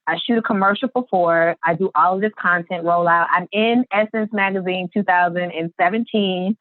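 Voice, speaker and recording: A woman guest on a podcast, telling her story in an animated way and acting out the quotes. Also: lowish voice, moderate pace, dry recording. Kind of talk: storytelling interview. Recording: tinny phone-line sound.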